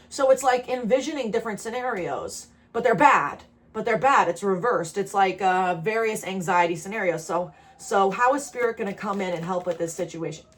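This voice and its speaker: A woman with a New Jersey accent giving a casual tarot reading straight to the viewer, chatty and laughing often. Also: medium pitch. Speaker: tarot reader.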